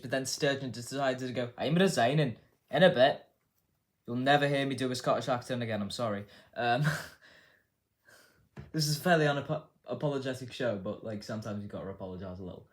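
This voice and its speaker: A man hosting a casual news commentary show, rambling and swearing with a sarcastic edge. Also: mid-range voice. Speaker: host.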